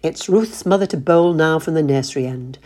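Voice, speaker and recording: A woman's voice: sits low, normal speed, a little mellow, natural voice. A woman voicing a husband who mimics a pompous sports commentator in a story, with a mock-solemn tone.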